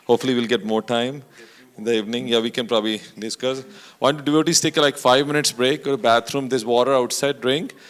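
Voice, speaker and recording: Fast-talking man making announcements. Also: medium pitch, fairly even intonation. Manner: fast, loose announcing with fillers. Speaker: event organizer. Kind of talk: announcements to a gathering. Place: temple hall.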